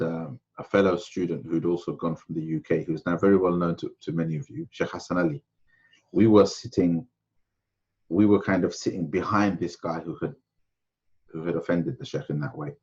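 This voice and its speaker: Low, husky male religious teacher. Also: a little mellow, muffled recording. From Sylhet, Bangladesh. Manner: conversational, storytelling, frequent restarts. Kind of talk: informal lecture with anecdotes.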